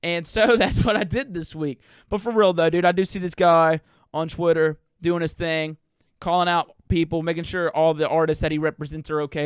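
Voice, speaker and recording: A man's voice: on the high side, clear, resonant tone, dry recording, studio quality. A young man hosting a podcast, talking in a profane, rambling, self-deprecating way. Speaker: podcast host. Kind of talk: casual comedic monologue.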